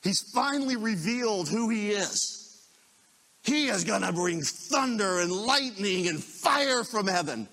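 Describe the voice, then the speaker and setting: A preacher doing gleeful, gloating disciples. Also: male voice, sits high, expressive, a little slow, vocal fry, pushed and bright, big-room sound, pitched above the performer's own voice, exaggerated voice. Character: eager, bloodthirsty group of male disciples.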